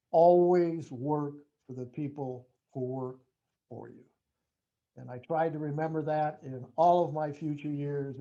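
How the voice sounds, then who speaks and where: A man's voice: a little high, mellow. A man in his seventies telling a personal story to an audience in a folksy way, acting out remembered dialogue. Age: 70s. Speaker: veteran speaker. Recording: dull lo-fi recording.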